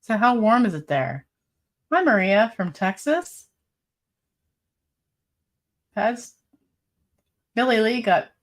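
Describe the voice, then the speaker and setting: A woman hosting a casual live stream, reading viewer comments aloud in a chatty, rambling way and laughing often. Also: mid-range voice. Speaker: livestream host.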